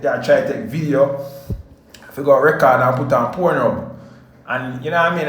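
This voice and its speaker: A man's voice: on the high side, roomy sound, rough recording. A man from Jamaica with a Jamaican accent, giving heated casual commentary to camera as a vlogger, repeating his stock phrases. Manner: heated, repetitive, keeps saying "you know what I mean" and "family".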